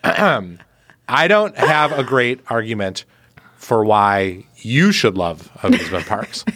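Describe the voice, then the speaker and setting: Male host, lowish voice, wry and amused, dry close mic. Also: sing-song, slow pace, pushed and bright, no echo. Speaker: podcast host. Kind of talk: casual panel chat.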